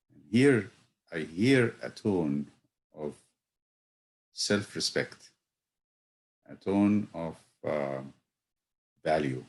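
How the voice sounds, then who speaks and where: A man, a priest, teaching a reflective Bible study, pausing often with fillers and building to emphatic rhetorical questions. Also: low voice, very animated.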